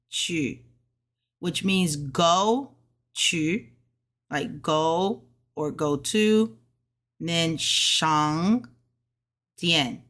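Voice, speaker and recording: Woman, self-study lesson, unhurried, lowish voice, repeats each syllable to drill it, casual explainer. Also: sharp tone. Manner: slow and deliberate, repeating syllables to drill them; casual explanations with many "like" and "okay". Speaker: language learner reviewing her lessons.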